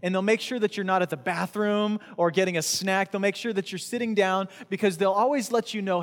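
A man's voice: sits high, fairly even intonation, a little fast, few pauses. A man preaching a casual, conversational sermon, joking and bantering with his congregation. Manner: chatty, jokey, talks with the crowd. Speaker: pastor. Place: church hall with audience. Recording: long hall reverb.

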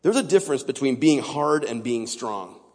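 A man's voice: mid-range voice, expressive, normal speed, darkish tone. A man giving an informal sermon as a guest speaker in a church, talking in a casual, plain-spoken, conversational way. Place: church sanctuary. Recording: long reverb of a large church hall.

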